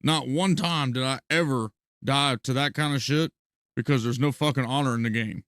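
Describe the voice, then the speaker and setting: A man's voice: mid-range voice, normal speed, fairly bright tone, no echo, studio quality. A man streaming a video game, ranting with heavy profanity and bursts of laughter as he comments live.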